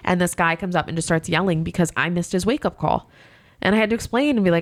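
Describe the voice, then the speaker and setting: A young woman with a somewhat low voice swaps work stories on a podcast, venting in a lively way and playing out both sides of each exchange. The sound is close and dry, with no room around it. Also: fast, dry recording. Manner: animated venting storyteller who acts out exchanges. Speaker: hotel front desk manager, podcast co-host. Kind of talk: casual podcast chat.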